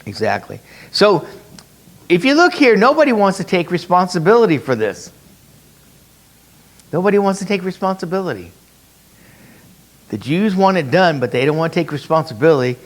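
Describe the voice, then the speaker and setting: A man's voice: high voice, sing-song, normal speed, pauses often. A man leading a conversational Bible study, explaining through rhetorical questions and repeating his key points. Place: church meeting room.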